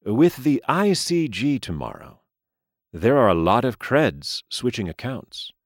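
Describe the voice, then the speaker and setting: A man voicing Mister Lee, an aging, smooth-spoken crime boss with a calm, formal, measured manner. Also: medium pitch, no room sound, studio quality, voice pushed up.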